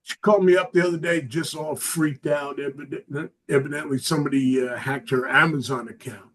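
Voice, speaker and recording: An older male comedian working through a stand-up set with a deadpan, grumbling delivery. His voice sits a little high for a man. He sounds like a lovable curmudgeon. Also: a little fast, low-quality recording. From Southern California. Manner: deadpan self-mocking curmudgeon.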